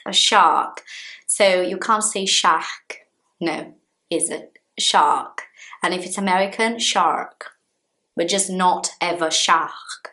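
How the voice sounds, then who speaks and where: A Brazilian woman with a Brazilian Portuguese accent, teaching English pronunciation from home in a slow, emphatic way and demonstrating sounds. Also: fairly low pitch, a bit bright. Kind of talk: pronunciation lesson to camera. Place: her home.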